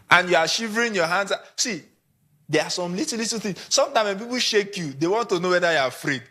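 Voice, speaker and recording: A Nigerian man gives a conference talk to photographers. His voice sits high and comes across bright and forceful. He talks in an animated way and acts out small examples along the way. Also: quick pace. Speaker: conference speaker.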